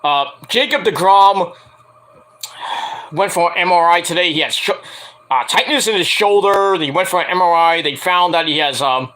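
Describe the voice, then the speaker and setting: A man with a high, bright and somewhat tense voice talks casually to camera. He rambles loosely, swears often and leans on fillers as he runs through his plans. The delivery is loose, unscripted vlog chat. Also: animated, moderate pace. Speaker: wrestling review vlogger.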